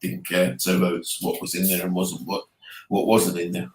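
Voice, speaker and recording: A man's voice: low-pitched, little pitch movement, normal speed, darkish tone, echoey room. A man with an Essex accent, co-hosting a casual chat about hauntings, speaking earnestly and often trailing off to restart his sentences. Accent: Essex English. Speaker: podcast co-host.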